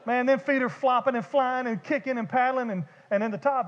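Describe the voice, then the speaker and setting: A pastor preaches in a lively, conversational way, full of vivid humor and repeated words. His voice sits very high and carries a long church echo. The recording is dull and lo-fi. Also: a little fast. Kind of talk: sermon. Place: church sanctuary. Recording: dull echoey church hall.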